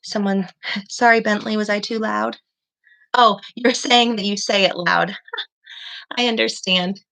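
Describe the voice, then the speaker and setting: Slow-speaking encouraging woman teacher. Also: mid-range voice, fairly even intonation, vocal fry, fairly bright tone. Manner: encouraging, slow and deliberate with children. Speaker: second grade teacher. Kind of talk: live-streamed online class.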